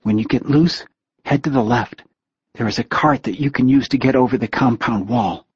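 A man voicing a brave young woman in a hushed, soft voice during an audiobook reading. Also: medium pitch, normal speed, husky, dry recording, lo-fi sound, voice pushed up. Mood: urgent hush.

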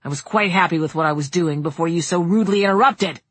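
A woman voicing a calm, protective young man who speaks dryly and firmly in a storybook. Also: on the low side, fast talker, breathy edge. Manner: calm, dry, firm.

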